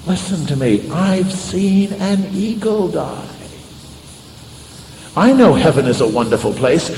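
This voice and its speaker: A man preaching a sermon, telling a story dramatically and moving from loud passages to hushed ones. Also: a little high, slight background noise. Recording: echoey hall with faint ambience.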